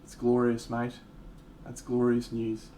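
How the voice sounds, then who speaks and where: A man's voice: mid-range voice, slow pace. Laid-back guy streaming while painting. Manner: relaxed, swears, chats with viewers, bursts into sung lines and silly voices. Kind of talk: casual live-stream chat. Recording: voice a bit off-mic with faint background hum.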